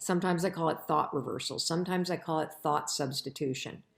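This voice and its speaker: A woman's voice: low-pitched, brisk, vocal fry. A middle-aged woman hosting a live stream, giving earnest, emphatic advice straight to her listeners. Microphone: live-stream broadcast mic. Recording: echoey room.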